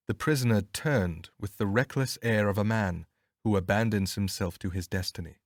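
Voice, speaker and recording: A man narrating an audiobook in an expressive, measured storytelling manner on a close studio mic. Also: fairly low pitch, dry recording.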